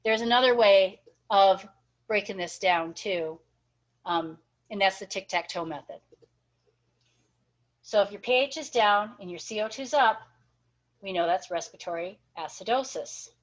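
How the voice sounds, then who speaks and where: A woman's voice: medium pitch, moderate pace, pauses often. A woman teaching a nursing class, encouraging and checking in with her students often. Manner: encouraging, checks in with frequent "okay?" and "right?". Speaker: nursing instructor. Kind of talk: recorded class lecture. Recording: dull lo-fi lecture recording.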